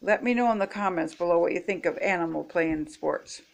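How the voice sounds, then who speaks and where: A woman's voice: fairly low pitch, creaky. An older woman reading picture books aloud expressively, stopping to chat with young viewers. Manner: slow, expressive, chatty asides to young viewers. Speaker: storybook reader.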